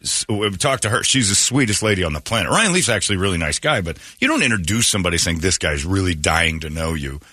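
A man's voice: low-pitched, quick pace, few pauses, dry recording, studio quality. A man who hosts radio, telling stories in casual chat and mimicking the people he met. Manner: animated storyteller, mimics voices. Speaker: radio host.

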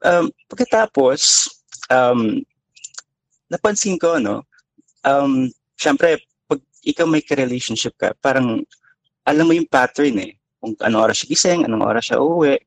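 A man's voice: mid-range voice, expressive, normal speed, vocal fry, pauses often, dry recording, rough recording. Hesitant man telling a story. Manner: hesitant storytelling with many fillers, in Tagalog. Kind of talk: casual chat.

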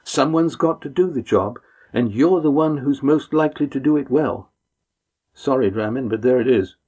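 A man's voice: medium pitch, normal speed, dark tone, breathy edge, lo-fi sound, pitched above the performer's own voice, natural voice. A man voicing a usually meek young sailor, speaking earnestly.

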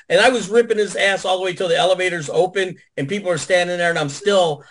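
Male guest on a video call, pitched a bit high, an animated and salty storyteller. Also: fast, few pauses, a little hiss or hum, low-quality recording. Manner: animated, profane, acts out quotes.

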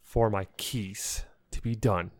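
A man's voice: lowish voice, fairly even intonation, slow pace. A young man co-hosting a podcast, telling an angry story in a casual chat and acting out the people he quotes. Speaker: podcast co-host.

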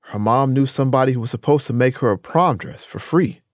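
A man narrating a documentary story in a measured, scripted way. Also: mid-range voice, no room sound, clean studio sound.

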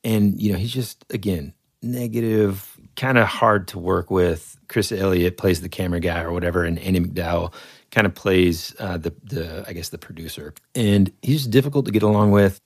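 A man's voice: sits low, normal speed, husky, dry recording, clean studio sound. A man co-hosting a podcast, chatting casually about movies in a laid-back way. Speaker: podcast co-host.

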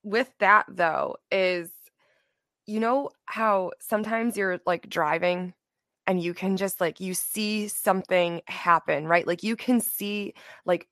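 A woman in casual chat as a podcast co-host, talking fast and swearing as she speculates. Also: lowish voice, a bit bright, no echo, studio quality.

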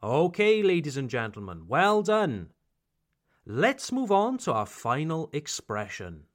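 A British man hosting a language lesson podcast, speaking slowly and emphatically like a teacher and drawing out example phrases. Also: a little high, huge pitch swings. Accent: British English. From Britain. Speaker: English teacher, podcast host.

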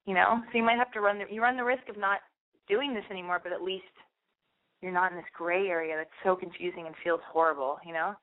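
Fast-talking and steady in tone, with a fairly low pitch, a woman hosting an advice program tells a caller bluntly and frankly what to do, performing sample lines for them. The audio sounds like phone-like radio.

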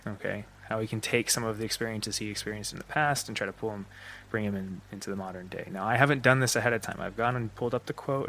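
A man's voice: lowish voice, a bit bright. A man hosting a solo podcast, thinking aloud with fillers and restarts, his breath slightly shaky and short. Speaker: podcast host. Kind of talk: unscripted solo podcast talk.

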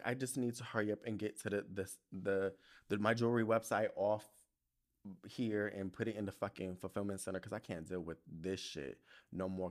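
A young adult man hosting a podcast, venting in a heated, profane and story-driven casual monologue. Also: fairly low pitch. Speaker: podcast host.

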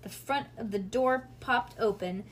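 A woman reading a children's storybook aloud in a casual, lively way with small slips. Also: a little high, measured pace, breathy edge. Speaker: reader.

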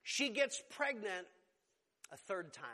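A pastor delivers an emphatic sermon in a bright, ringing voice that sits high for a man. His exclamations climb in force as he preaches. Long reverb from a church hall trails each phrase. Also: very animated, slow.

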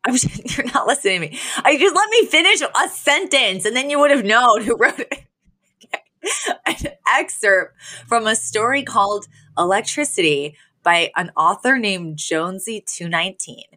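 A woman's voice: fairly high pitch, animated, moderate pace, bright, forceful tone. A woman co-hosting a podcast, chatting casually and reading aloud, often laughing through her own jokes. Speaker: podcast co-host.

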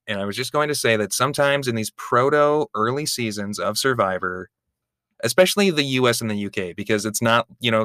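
A man's voice: fairly low pitch, pushed and bright, dry recording, clean studio sound. A man co-hosting a podcast, chatting wryly about a reality show. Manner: chatty, wry, lots of fillers. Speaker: podcast co-host. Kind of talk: casual chat recap.

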